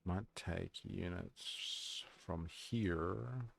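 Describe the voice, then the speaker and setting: A man's voice: low-pitched, very slow, gravelly, background noise. A young man with an Australian accent, chatting casually on a live stream and reading out viewer comments. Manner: rambling, reads chat aloud.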